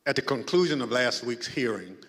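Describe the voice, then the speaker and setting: A man's voice: medium pitch, expressive, fairly bright tone, long reverb tail. Formal man chairing a hearing. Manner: measured, formal. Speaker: committee chairman.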